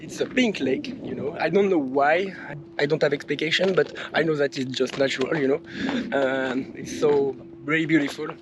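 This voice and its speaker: A man's voice: a little high, normal speed, a crowd in the background. A man with a French accent filming a casual travel vlog outdoors, chatting in hesitant, broken English. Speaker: travel vlogger. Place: outdoors at a salt lake.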